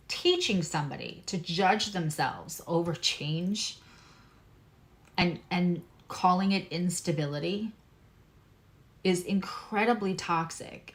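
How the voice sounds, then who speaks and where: A woman from Long Island giving a casual astrology and tarot reading, emphatic and repeating her key points. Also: fairly low pitch. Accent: neutral American, former Long Island accent dropped. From Long Island, New York. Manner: emphatic, repeats key phrases, chatty asides.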